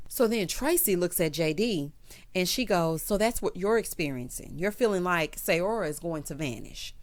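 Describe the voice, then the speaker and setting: A woman hosting a reality TV recap, telling it like a story with sassy, animated commentary and acted-out quotes. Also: lowish voice, a little fast. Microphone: voice-over without camera.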